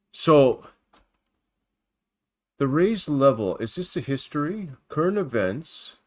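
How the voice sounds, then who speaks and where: Chatty man hosting a livestream. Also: medium pitch. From Canada. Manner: chatty and rambling, greets viewers by name. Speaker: Christian livestream host. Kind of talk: casual livestream, reading news off screen. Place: at home by his computer.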